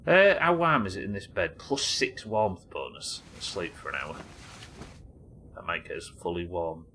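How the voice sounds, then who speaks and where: A man's voice: low-pitched, very animated, normal speed, pushed and bright, a little hiss or hum, poor audio. A man chatting casually and swearing while he talks through a game on a live stream. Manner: chatty, swearing, thinking aloud. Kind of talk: casual gameplay commentary.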